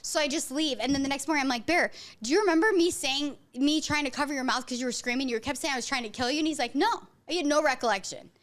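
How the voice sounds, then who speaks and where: A mother and podcast host telling a story in a rambling, animated way with lots of "like". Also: sits high, fast talker, few pauses. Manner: animated, rambling, heavy use of "like". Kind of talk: casual storytelling chat.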